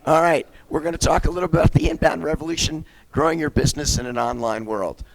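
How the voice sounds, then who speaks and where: A man's voice: a little high, fairly even intonation, fast talker, vocal fry, background noise. An American man with a slight cold, speaking at a conference in a chatty style and often checking in with "right?". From United States. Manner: chatty, keeps asking "right?". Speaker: keynote speaker. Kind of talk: lively conference talk. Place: conference venue.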